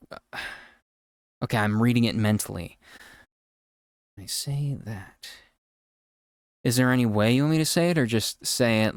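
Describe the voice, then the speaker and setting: A man's voice: fairly low pitch, clean tone, no echo. A young man from the East Coast of the United States, casually chatting on a live stream while thinking aloud as he codes. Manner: thinks aloud while coding, reading code slowly.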